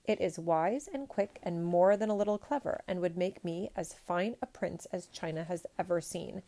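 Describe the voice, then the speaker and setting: A woman's voice: fairly low pitch, moderate pace, natural voice. Woman reading as a clever young peasant. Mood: earnest. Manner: calm and polite even when bold.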